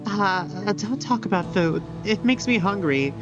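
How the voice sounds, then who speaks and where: A man's voice: sits high, expressive, muffled recording, over music, pitched above the performer's own voice. A man voicing a timid, nervous young mare dressmaker, speaking shyly with a slight stammer. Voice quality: shy halting voice with slight stammer.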